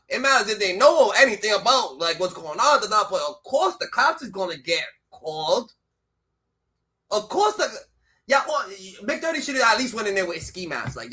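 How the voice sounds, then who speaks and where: Brief: male streamer, high bright voice, swings wildly, cursing rants on a live reaction stream. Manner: loud, heated, swears constantly, jumps between shouting and muttering.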